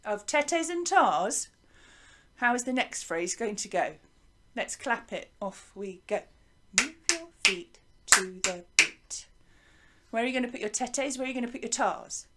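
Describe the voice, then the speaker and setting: A woman teaching a lively music lesson to young children, encouraging them and chanting rhythms for them to copy. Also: fairly high pitch, moderate pace, heavy background noise. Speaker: primary school music teacher.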